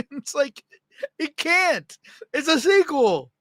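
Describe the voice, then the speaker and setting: Man, podcast co-host, fairly high voice, dry close sound, easygoing and teasing. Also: sing-song, slow pace, a bit bright, no echo. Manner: laid-back, reasoning, teasing. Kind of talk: casual podcast chat.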